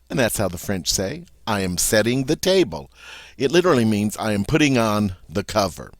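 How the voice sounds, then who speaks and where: A man teaching a French vocabulary lesson, saying each word several times slowly and clearly, and correcting himself in a relaxed way. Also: fairly low pitch, dry recording, clean studio sound.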